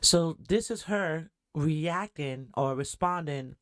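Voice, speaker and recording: Casting: woman podcast host, talkative and animated, close dry mic. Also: low voice, slow pace, no room sound. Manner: chatty, animated, asks the audience questions. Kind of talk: reaction commentary.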